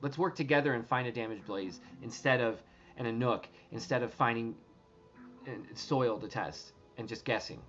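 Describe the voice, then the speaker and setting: Rambling excitable man, lo-fi recording. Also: medium pitch, normal speed, soft background music. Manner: rambling, excitable, swears, many restarts. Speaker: treasure hunt vlogger. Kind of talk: casual talk to viewers.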